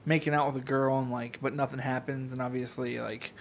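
A man co-hosting a podcast, talking in crude, low-key banter. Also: flat delivery, brisk, slight background noise. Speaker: podcast co-host. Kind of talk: casual chat.

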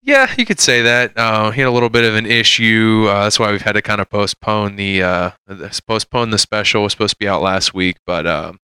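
Young guy hosting a podcast, chill rambly and sweary, bright crisp voice. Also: fairly low pitch, brisk, few pauses, dry recording. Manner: laid-back, rambling, swears, laughs often. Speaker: podcast host. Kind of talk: casual chat.

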